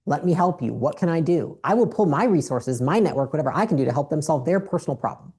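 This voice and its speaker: A woman's voice: sits low, animated, fast talker, dark tone, breathy edge. A woman giving a blunt, profane motivational business talk on stage with a handheld mic. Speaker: business speaker.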